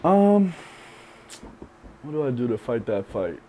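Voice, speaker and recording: A young man being interviewed on a podcast, speaking candidly and reflectively, with many pauses and fillers. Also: medium pitch, big pitch swings, phone-quality sound, slight background noise. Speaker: podcast guest.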